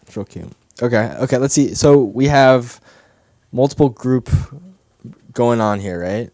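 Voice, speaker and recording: A man hosts an open mic night and does crowd work at mid pitch, loose and chatty, throwing questions at the audience and repeating his own lines. He talks into a handheld mic on a club stage. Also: a little slow, darkish tone, no room sound, clean studio sound. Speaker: comedy show host.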